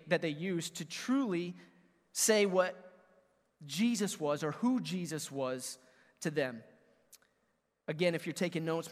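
A man in his thirties, a pastor preaching a conversational, energetic sermon and calling out to his congregation. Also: on the high side, in a large hall. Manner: energetic, conversational preaching with audience call-outs. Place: church sanctuary.

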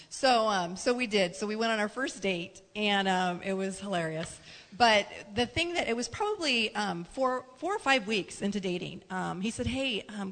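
A woman's voice: mid-range voice, brisk, fairly bright tone. A middle-aged woman with a mid-range voice tells a story to an audience. She rambles with fillers and acts out what people said. Her voice rings with a long hall echo. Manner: chatty, rambling, many fillers and acted quotes. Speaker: wife telling a couple's story. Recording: reverberant hall.

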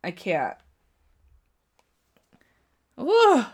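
Excitable woman reacting to wrestling. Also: on the high side, extremely slow, slightly rough. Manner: excitable, gasps and cries out at the action; chatty, talks straight to viewers. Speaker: wrestling watch-along streamer. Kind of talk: casual live reaction commentary.

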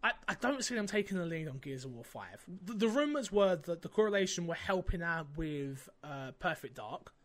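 A man's voice: fairly high pitch, moderate pace, hardly any pauses. A man hosting a podcast in casual chat, telling stories with lots of fillers. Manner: animated storytelling, lots of fillers. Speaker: podcast host.

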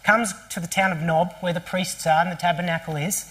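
A pastor preaching at a church service, with a voice of middling pitch. The delivery is animated storytelling, full of rhetorical questions and quick restarts. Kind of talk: sermon.

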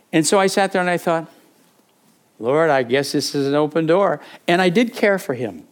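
An older man preaching, telling a personal story conversationally, with frequent restarts and acted-out moments. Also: on the high side. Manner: conversational, with repeated words and fillers; animated, acting out the people in his stories. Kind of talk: sermon storytelling.

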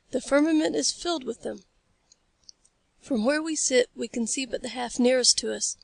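Carruthers, a calm male scientist, read by a woman. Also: high voice, vocal fry, no echo. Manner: measured, explanatory.

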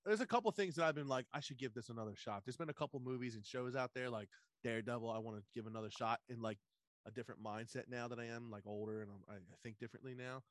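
Animated, swearing man with a dry mic. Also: mid-range voice, fast, no echo. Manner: animated storyteller, swears a lot, acts out movie quotes. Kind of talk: casual chat.

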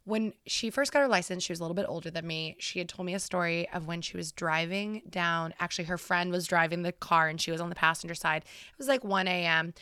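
A woman in her twenties, a podcast co-host, telling a story in a casual, animated and heavily profane way. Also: fairly low pitch, quick pace, few pauses, clean tone, dry recording, clean studio sound.

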